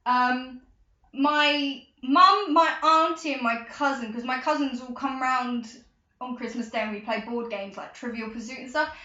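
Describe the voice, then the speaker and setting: Teenage girl, high crisp voice, bubbly rambling vlog chat, roomy lo-fi camera audio. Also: a little slow. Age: teens. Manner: chatty, excitable, rambling with restarts. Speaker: vlogger. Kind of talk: casual vlog. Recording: echoey room, dull lo-fi sound.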